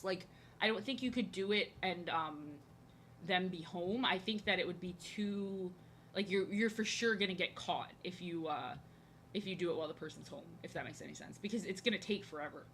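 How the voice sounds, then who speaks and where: Her voice is medium in pitch and a bit bright as this young woman from New Jersey, a streamer and artist, draws on a live stream. She chats loosely, rambling with frequent fillers and restarts, and she's frank and a bit crude. Slight background noise sits underneath.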